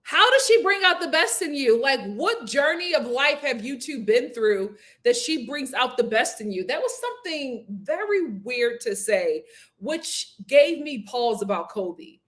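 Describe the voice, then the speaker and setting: A woman hosting a casual review show, talking straight to viewers in a candid, opinionated, animated way. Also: measured pace. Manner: animated and expressive, acts out quotes with big pitch jumps. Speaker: host reviewing a reality show. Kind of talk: casual chat.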